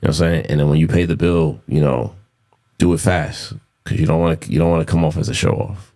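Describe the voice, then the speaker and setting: He has a bass voice with vocal fry and a dark tone, and he speaks at a quick pace. He's in his thirties, hosting a casual podcast on his own, and he's profane and blunt, hammering points through repetition.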